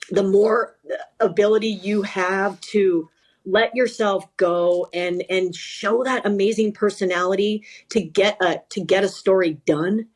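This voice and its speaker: Middle-aged woman sports reporter chatting on a podcast, lively storyteller, keeps restarting her sentences. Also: medium pitch. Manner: animated, self-correcting, lots of repeated starts. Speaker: sideline reporter and talent coach.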